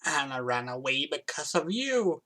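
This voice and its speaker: A woman voicing a furious old man, a grieving father who shouts harshly. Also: low voice, big pitch swings, normal speed. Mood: enraged.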